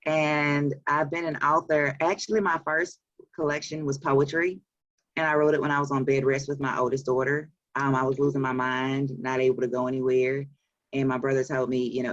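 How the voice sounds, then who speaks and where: A woman's voice: a bass voice, flat delivery, moderate pace, dry recording, dull audio. Southern woman chatting in an interview. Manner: chatty, laughs often, many fillers. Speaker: author and publisher. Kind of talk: casual interview.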